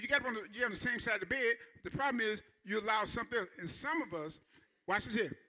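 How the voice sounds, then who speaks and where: A man preaching a Sunday sermon, emphatic, repeating key phrases and asking the congregation questions. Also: high-pitched. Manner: animated preacher, slows down to stress key lines. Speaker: pastor.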